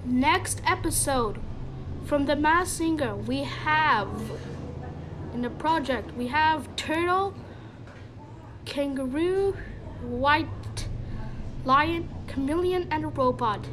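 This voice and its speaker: A woman hosting a playful home-made show, with excited announcing. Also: high-pitched, slow pace, pauses often, background noise. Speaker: host.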